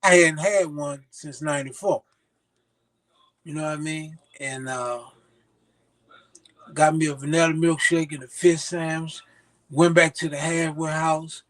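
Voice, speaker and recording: A man's voice: on the high side, unhurried, pauses often. An older man telling stories as an interview guest, acting out the voices of the people he quotes. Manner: animated, acts out quoted voices. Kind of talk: storytelling in casual conversation.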